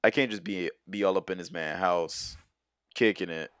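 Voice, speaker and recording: A man's voice: deep voice, moderate pace, clean tone. A young man telling a personal story in a casual, rambling, slangy way, full of fillers and quoted exchanges. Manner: rambling, slangy, animated retelling with many fillers. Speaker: storyteller vlogger.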